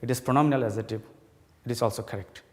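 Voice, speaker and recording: A male teacher giving a slow classroom lesson, explaining and repeating each point. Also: mid-range voice, big-room sound.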